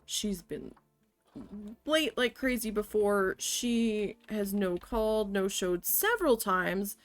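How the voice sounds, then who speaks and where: A woman streamer telling a personal work story casually, swearing freely and getting animated as she talks. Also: medium pitch, slow, soft background music. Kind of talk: casual storytelling while gaming.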